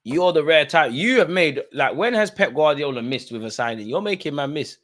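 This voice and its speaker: A man hosting a live football watch-along, chatting in slang about the match and breaking into loud shouts when a chance or goal comes. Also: a little high, animated, a little fast. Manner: London slang, bursts into shouting at chances and goals.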